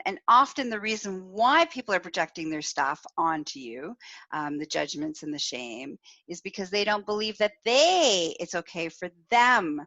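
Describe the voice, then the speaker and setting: A woman host speaks slowly and frankly, in a casual teaching style, and laughs between her points. Her voice is bright and sits a little low. The sound is dull and lo-fi, with a dry room. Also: no echo. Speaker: podcast host and sexual wellness coach. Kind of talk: casual spoken teaching, live.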